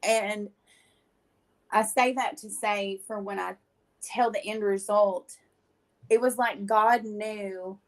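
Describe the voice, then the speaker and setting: A woman's voice: medium pitch, steady tone, slow pace, pauses often. A woman, a guest in an interview, telling her personal testimony in a blunt, slangy and emotional way.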